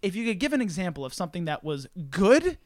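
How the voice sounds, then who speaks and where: A man's voice: high voice, fast talker, dry recording, clean studio sound. A young man hosting a casual podcast, a little drunk, telling stories with frequent laughter and swearing. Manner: laughing, swearing, animated storytelling. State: tipsy. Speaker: podcast host.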